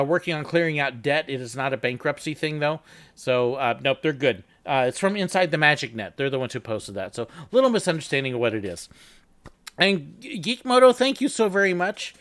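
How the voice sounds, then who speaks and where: A man's voice: a little high, animated, normal speed, a bit bright. A man hosting a live chat, talking casually and joking while answering viewers and telling work stories. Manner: chatty, laughs easily, jokey. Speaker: host. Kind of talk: live reaction chat and storytelling.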